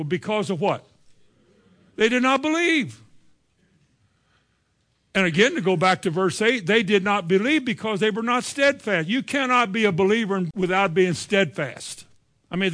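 A man preaching a sermon, reading scripture verses and retelling them in lively, folksy everyday speech. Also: fairly high pitch.

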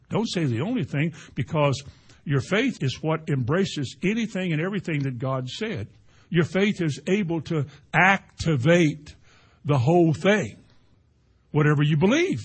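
A man preaching a sermon in a conversational style, swinging between emphatic and hushed delivery. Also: a little high, breathy edge. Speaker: pastor.

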